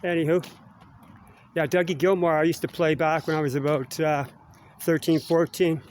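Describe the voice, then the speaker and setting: A man's voice: a little high, steady tone, normal speed, a little hiss or hum. Rambling middle-aged Canadian man outdoors. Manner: chatty, meandering, ends phrases with "eh?". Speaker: vlogger. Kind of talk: casual rambling walk-and-talk. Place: outdoors walking around school grounds.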